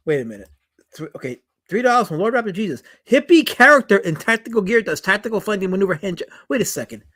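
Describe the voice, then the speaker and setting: A man hosts a rambling livestream, reading viewer chats aloud and answering in a joking, mock-indignant way that trails off into mumbles. His voice is high-pitched and fairly bright, with big pitch swings and a quick pace.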